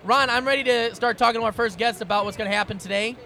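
A young man hosting a live podcast outdoors at a tailgate party, loud and joking. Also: very high voice, fast talker. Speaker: podcast host.

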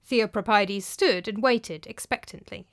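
A woman's voice: medium pitch, measured pace, no echo, studio quality. A woman narrating a storybook tale expressively. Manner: expressive, animated. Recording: faint background music.

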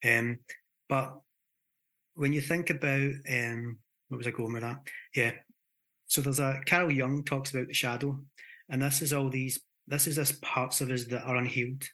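Scottish male therapist guest, crisp bright voice, animated talker. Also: mid-range voice, normal speed. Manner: animated, explains with acted examples and restarts. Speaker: hypnotherapist guest. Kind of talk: conversational explanation.

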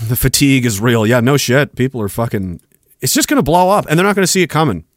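A man's voice: fairly high pitch, dry recording, studio quality. A man hosting a podcast, ranting angrily and sarcastically with lots of swearing while reading viewer comments. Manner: angry, profane, sarcastic ranting. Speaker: podcast host.

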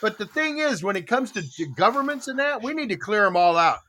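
Excitable seventy-year-old male host, high and lively. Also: brisk, a little hiss or hum. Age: 70s. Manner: excitable, emphatic. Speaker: podcast host. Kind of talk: casual panel chat.

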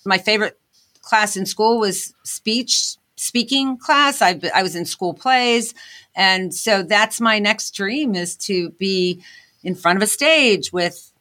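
A woman with a bright, clear voice at an ordinary pitch speaks as an interview guest. She tells her story earnestly, in the tone of a motivational speaker. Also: slow. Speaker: guest, inventor and aspiring speaker. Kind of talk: candid interview talk.

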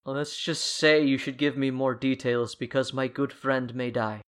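A man's voice: medium pitch, flat delivery, moderate pace, smooth, natural voice. A man voicing a doting elderly warrior woman who calls everyone dear, during a tabletop game. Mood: insistent. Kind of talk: tabletop role-play.

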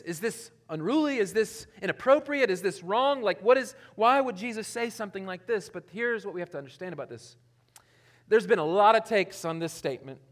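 High-voiced man preaching casually. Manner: casual, chuckling, self-interrupting with restarts; animated, swings between loud and quiet asides. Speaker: pastor. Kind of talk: conversational sermon.

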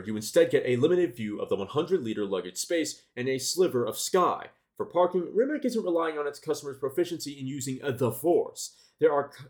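A man's voice: on the high side, darkish tone. A man hosting a car news show, reading articles aloud and stumbling into restarts and corrections as he goes. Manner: reads with frequent restarts and self-corrections.

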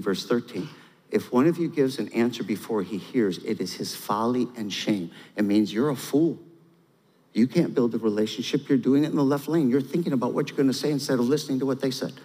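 A man's voice: mid-range voice, darkish tone, slightly rough. A man preaching to his church, talking easily and then pressing his points hard. His voice rings out with a long reverb from the hall around him. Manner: conversational preaching, rising to emphatic. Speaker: pastor. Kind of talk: sermon.

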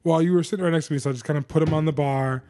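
A man co-hosting a podcast, telling stories in a casual, animated and profane way with quick asides. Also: on the high side. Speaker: podcast co-host. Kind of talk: casual chat.

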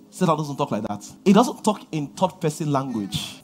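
A man preaching a sermon, swinging from shouted lines to low murmurs as he reads and explains scripture. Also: big pitch swings, fast talker, hardly any pauses.

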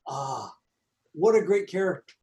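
A man co-hosting a casual movie review chat, animated and laughing, with quick asides. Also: on the high side. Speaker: podcast co-host.

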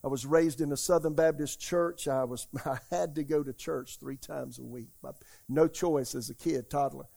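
A man preaching an Easter Sunday sermon as pastor, emphatic and calling out to the congregation, swinging from loud declarations to quiet asides. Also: on the high side, fairly even intonation, normal speed, gravelly. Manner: emphatic preaching, asks the congregation "How many hear me?".

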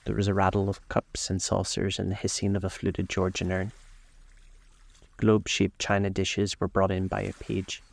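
A man reads a classic story aloud in calm, measured narration. His voice is low with a gravelly edge, and he takes his time over each sentence. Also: no room sound. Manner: slow, measured reading. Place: outdoors on a lakeside deck.

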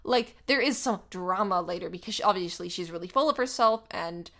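Young woman, casual chat, animated, filler-heavy movie recap. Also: lowish voice, a little fast, vocal fry. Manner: chatty, animated, lots of "like".

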